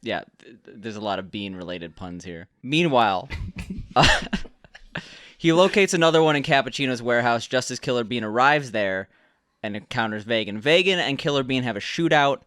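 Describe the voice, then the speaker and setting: A man's voice: medium pitch, lively intonation, moderate pace, fairly bright tone, clean tone, no echo, clean studio sound. A young man co-hosting a podcast, recapping a movie in casual chat and often repeating words as he starts a sentence. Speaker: podcast co-host.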